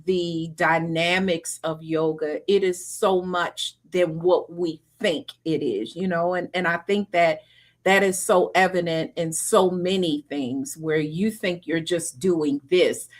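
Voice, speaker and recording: A woman's voice: lowish voice, steady tone, takes it slowly. A woman hosting an interview, speaking in an earnest, affirming way. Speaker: interview host. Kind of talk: conversational interview.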